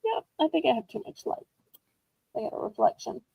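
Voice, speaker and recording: Brief: woman host of a live selling stream, high and chatty, dry dull lo-fi sound. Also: big pitch swings, fairly quick, vocal fry, slightly rough, no room sound. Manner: chatty, gushing and upbeat. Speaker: online auction host.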